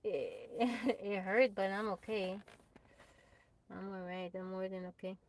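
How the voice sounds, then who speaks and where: A woman's voice: medium pitch, takes it slowly, a little hiss or hum, poor audio. A woman chatting casually on a live stream, laughing often and talking straight to her viewers. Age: adult, mother of a child. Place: tiny house off the grid.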